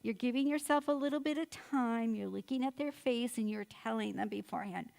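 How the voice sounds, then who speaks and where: A woman's voice: on the high side, fairly quick, creaky, darkish tone. An older woman therapist giving an informal, chatty talk to mothers, encouraging and acting out everyday quotes.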